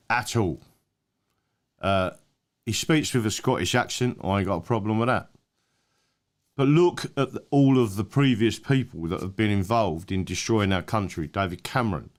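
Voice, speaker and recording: A man hosting his own channel, giving rambling, emphatic political commentary with many fillers and restarts. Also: on the low side. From England. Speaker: channel host.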